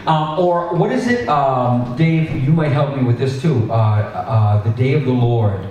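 A male pastor preaching a sermon in a conversational, animated way, with asides and restarts. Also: medium pitch, unhurried, muffled recording. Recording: echoey hall, distant mic.

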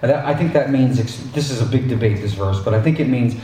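A male pastor preaching a sermon in a conversational, animated way, with asides and restarts. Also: medium pitch, quick pace, slight background noise. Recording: echoey hall, distant mic.

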